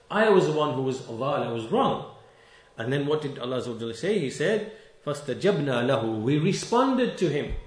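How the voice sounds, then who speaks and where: A man preaching a sermon, stressing key words and repeating them, reciting scripture verses quickly in between. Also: a little high, echoey room. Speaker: Islamic preacher.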